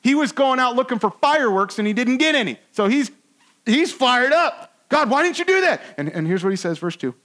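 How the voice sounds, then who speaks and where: A pastor preaching a sermon in a conversational, earnest way, with frequent restarts and swings between loud emphasis and hushed asides. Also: male voice, extremely high pitch, expressive, fairly quick.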